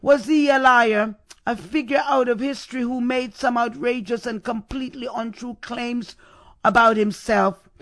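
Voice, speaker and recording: A man preaching a sermon, building up to repeated rhetorical questions with emphasis. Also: very high-pitched.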